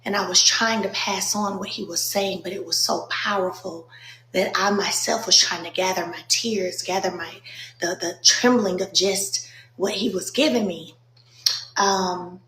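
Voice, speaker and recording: A woman sharing a personal testimony with her followers, speaking slowly and earnestly, with many pauses and fillers, emotional and holding back tears. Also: mid-range voice, bright, forceful tone, roomy sound, slight background noise, low-quality recording. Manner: slow, halting, earnest, many pauses and ums. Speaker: faith vlogger.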